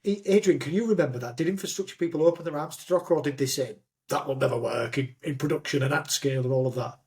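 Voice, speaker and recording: A Yorkshire man hosting a casual podcast, his voice sitting a little high. He tells stories with gusto, acting out the people in them. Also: quick pace. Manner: animated storyteller, acts out quotes. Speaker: podcast host. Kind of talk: casual conversation.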